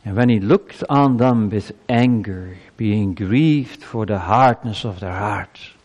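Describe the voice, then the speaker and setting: A man's voice: on the low side, slow, a little mellow, lo-fi sound. A male pastor giving a sermon in a church, earnest and emphatic, his voice climbing as he presses his points. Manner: earnest, emphatic preaching with rising intensity. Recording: long reverb of a church hall.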